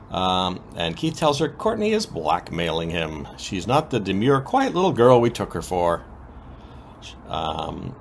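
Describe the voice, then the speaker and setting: A man co-hosting a podcast, recapping soap opera episodes in a casual, animated way with frequent ums. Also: low voice, a little hiss or hum. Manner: lively, animated retelling with many ums.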